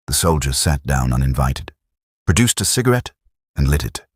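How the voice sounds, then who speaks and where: A man narrating a war story in a steady, measured, scripted style. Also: a bass voice, husky, no room sound, clean studio sound.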